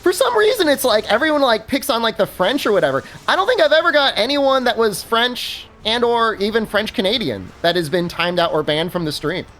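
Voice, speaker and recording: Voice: mid-range voice, very animated, fairly quick, few pauses, a bit bright. A game streamer chatting casually while playing, rambling with many fillers and restarts and laughing at their own stories. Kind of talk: casual livestream chat while gaming.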